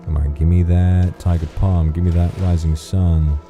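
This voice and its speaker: A man's voice: deep voice, level tone, normal speed, warm tone, soft background music. A man casually commentating as he streams a game, rambling and swearing playfully.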